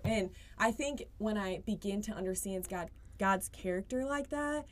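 A woman's voice: medium pitch, lively intonation, normal speed. Earnest young woman talking faith. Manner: earnest, lots of "like" fillers. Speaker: podcast guest. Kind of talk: casual faith conversation.

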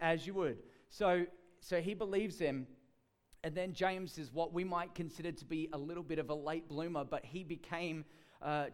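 A man preaching a sermon in a chatty storytelling way, with many fillers and restarts. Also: on the high side.

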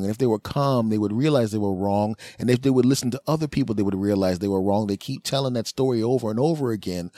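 A man's voice: medium pitch, no echo, studio quality. A man hosting a podcast, telling a rambling comic story and acting out the people in it. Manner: rambling, animated, acts out voices. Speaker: comedian podcast host.

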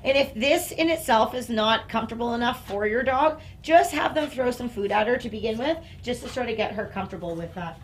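A woman's voice: a little high, expressive, a little fast, few pauses, slight background noise. Woman dog trainer explaining, faint ambience. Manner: explanatory, coaxing dog in soft praise. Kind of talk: live-stream dog training demonstration. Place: indoor training room with carpet.

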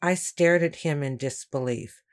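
Woman narrating a first-person story. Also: low-pitched. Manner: steady, measured storytelling. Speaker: audiobook narrator.

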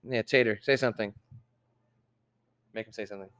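A young man hosting a casual podcast, swearing constantly and ranting with loud outbursts. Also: on the low side, fairly even intonation, a little fast, slight background noise. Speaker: podcast host.

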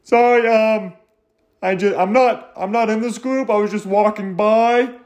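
A man's voice: fairly even intonation, a little slow, a little mellow. A man voicing a timid male passerby who butts in, stammering and apologetic. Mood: sheepish. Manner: apologetic, stammering, higher-pitched and off-mic.

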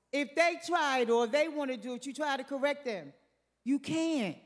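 Slow-preaching older woman in reverberant hall. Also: high-pitched, animated. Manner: emphatic, repeats phrases, addresses congregation directly. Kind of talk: sermon.

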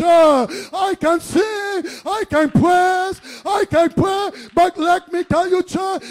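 A man preaching a sermon in a strikingly high voice. He swings from fervent shouting to low, hushed speech as he presses his points to the congregation. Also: gravelly.

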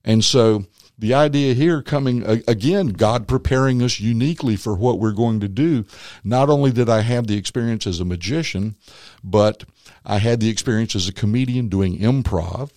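A man, a former magician and comedian turned minister, tells his faith story as an interview guest, animated and acting out the voices of others. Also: mid-range voice, moderate pace, no room sound, studio quality. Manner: animated storyteller who acts out quotes. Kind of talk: personal faith testimony in conversation.

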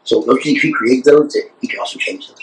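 A man's voice: medium pitch, fast. A man leading a church roundtable as archbishop, talking animatedly with frequent repeats and restarts. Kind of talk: informal church discussion. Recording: echoey room, distant mic.

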